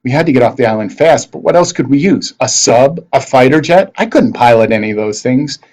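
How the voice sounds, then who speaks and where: A man teacher reading a novel aloud to his class with expressive narration. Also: mid-range voice, brisk, rough recording.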